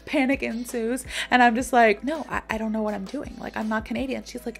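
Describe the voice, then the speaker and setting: A young American woman from Florida, an English teacher telling a casual story to teach an idiom, animated and laughing often as she acts out the people in it. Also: fairly high pitch, brisk, creaky, few pauses, soft background music. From Florida, USA.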